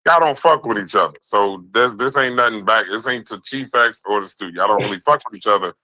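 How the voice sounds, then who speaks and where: Man host, AAVE speech, moderator on a live show, bright tense voice, dry close sound. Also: lowish voice, brisk, no echo, rough recording. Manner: moderating, repeats calls to calm down. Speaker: podcast host. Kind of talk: heated live podcast debate.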